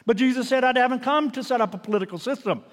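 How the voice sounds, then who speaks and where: A man preaching a sermon, animated and swinging from loud declarations to hushed, intimate pleas. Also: very high voice, very fast, in a large hall. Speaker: pastor.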